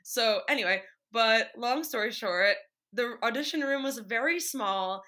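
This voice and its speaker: A woman's voice: on the high side, measured pace, pushed and bright. A woman in her twenties, an actress, telling a story in a chatty way and laughing as she talks. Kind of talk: casual storytelling.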